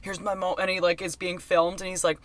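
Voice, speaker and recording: A speaker in casual conversation, excitedly retelling favorite movie scenes and reacting to them. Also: medium pitch, fairly quick. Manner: enthusiastic, gushing, quotes scenes with reactions. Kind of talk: casual chat recapping a movie.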